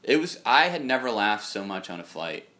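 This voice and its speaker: A man's voice: on the low side, very animated, normal speed, pushed and bright. A young man co-hosting a casual chat show, telling a long rambling anecdote. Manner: rambling anecdotal storyteller, quoting others in his own voice. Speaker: podcast co-host.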